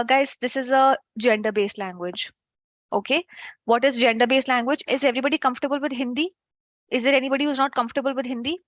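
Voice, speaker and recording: A woman's voice: a little high, a bit bright, no echo, dull audio. A woman teaching an online French class, chatty and checking in with her students.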